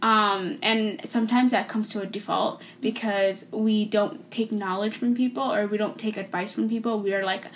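A woman's voice: mid-range voice, fairly even intonation, normal speed, few pauses, a little hiss or hum. A young woman from the United States sharing her views thoughtfully in a casual group chat. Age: young adult. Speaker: discussion participant.

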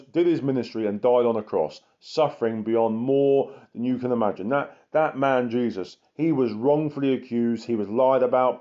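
A man's voice: medium pitch, warm tone. A man, an evangelist giving an impassioned sermon full of emphatic repetition. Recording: muffled lo-fi recording.

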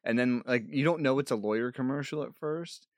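A man in relaxed casual chat with friends, laughing often as he talks. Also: mid-range voice, a little fast, dry recording, clean studio sound.

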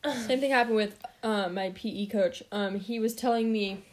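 A woman's voice: medium pitch, moderate pace. A young woman co-hosting a casual podcast, telling stories in a giggly, chatty way. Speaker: podcast co-host. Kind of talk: casual chat.

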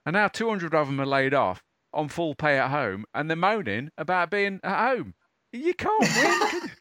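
Bright-voiced chummy man in a dry room. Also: on the high side, sing-song, normal speed, no echo. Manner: chummy, keeps calling the other man mate. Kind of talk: casual chat.

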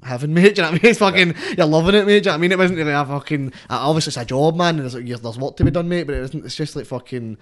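A man's voice: fairly high pitch, very fast, hardly any pauses, fairly bright tone. A young man with a Scottish accent, a podcast guest chatting casually in a rambling, sweary way. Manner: rambling and sweary, constant filler phrases. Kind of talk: casual chat.

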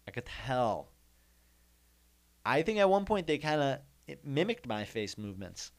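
A man's voice: mid-range voice, very animated, measured pace. Young guy rambling thru a funny story, keeps repeating himself, mock offended. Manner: rambling, repeats phrases, mock-indignant asides. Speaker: comedian host. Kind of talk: comedic storytelling monologue.

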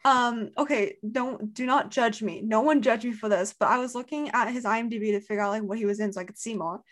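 Woman, host, casual fan chat, gushing, filler-heavy, bright higher pitch. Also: fast.

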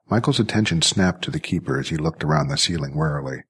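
A male narrator reading a science-fiction story in steady, even storytelling. His voice is very deep, with a husky, grainy edge to it. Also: fairly quick, few pauses. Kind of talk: scripted audiobook narration.

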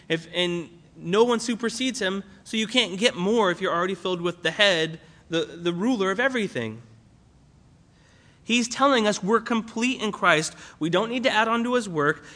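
A man's voice: high-pitched, animated, normal speed, sharp tone. A young man preaching a sermon in a conversational way, with fillers and restarts as he explains a Bible passage. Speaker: pastor.

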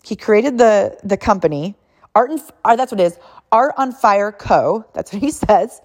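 Animated woman telling a heartfelt story. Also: medium pitch. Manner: animated, laughs often, quickly emotional.

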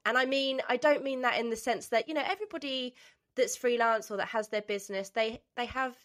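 A woman's voice: fairly high pitch, brisk, fairly bright tone. A woman hosting a podcast interview, bubbly and gushing, sounding nasal from a cold. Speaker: podcast host.

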